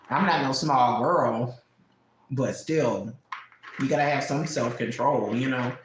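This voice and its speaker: This late-thirties woman's voice sits extremely low, and she takes her time with long pauses, while a little hiss or hum runs under the audio. She's hosting a casual live stream from a very echoey room, talking openly to viewers at home, laughing often and munching on snacks.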